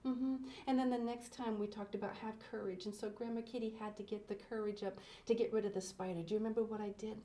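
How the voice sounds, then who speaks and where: A woman's voice: medium pitch, steady tone, fast talker, hardly any pauses, dark tone, roomy sound. A woman hosting a children's TV show, gushing and exclaiming as she talks straight to young viewers. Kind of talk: children's TV presenting.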